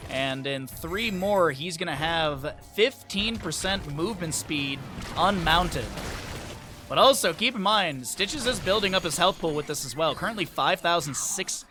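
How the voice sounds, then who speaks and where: A man's voice: fairly high pitch, over music. A man giving solo play-by-play commentary on an esports match from home, rattling off game events and lifting his voice at big plays. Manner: fast rundown of game events, bursts of excitement at big plays. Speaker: esports caster. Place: home, with a dog in the room.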